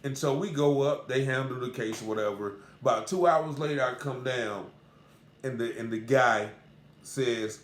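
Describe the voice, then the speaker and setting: A man's voice: medium pitch, normal speed. A man earnestly recounting a personal encounter in a casual, repetitive, conversational way. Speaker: storyteller. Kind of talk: casual spoken account. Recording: roomy echo.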